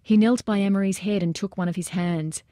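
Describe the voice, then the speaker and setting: A woman reading nonfiction narration aloud in steady storytelling style. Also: medium pitch, a little fast, dry recording, clean studio sound. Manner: steady storytelling that acts out shouted quotes.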